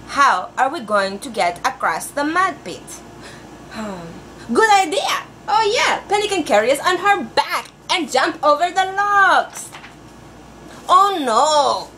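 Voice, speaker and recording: Brief: a woman as a high, swooping, overeager storybook teacher who mixes in Spanish words. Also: very animated, bright, forceful tone, a little hiss or hum, full character voice. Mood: playful. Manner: sing-song teacher voice, drawn-out words, sprinkles Spanish phrases. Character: overeager female teacher persona, adult, playful. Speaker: pretend class teacher. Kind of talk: comic storybook read-aloud.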